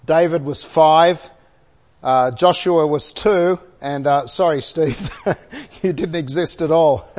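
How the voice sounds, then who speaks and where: An older man preaching a sermon, telling a personal story with light chuckles and asking his listeners questions. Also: on the high side. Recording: long hall reverb.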